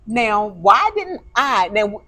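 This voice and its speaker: A woman co-hosting a podcast in casual chat, telling stories with animated, expressive delivery. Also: mid-range voice, takes it slowly. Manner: animated storytelling, turns emotional. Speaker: podcast co-host.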